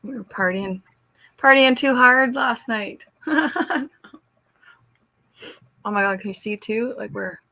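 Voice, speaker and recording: A hoarse woman chatting casually on a live stream, giggling often. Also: a little high, slow, long pauses, pushed and bright, no room sound, rough recording. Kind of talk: casual chat.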